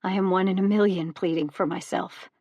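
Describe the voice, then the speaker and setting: A woman voicing a desperate young mother in an audiobook, tearful and pleading, her voice rough and nervous. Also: lowish voice, fairly even intonation, a little fast, dark tone, no echo, muffled recording. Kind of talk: audiobook character voice.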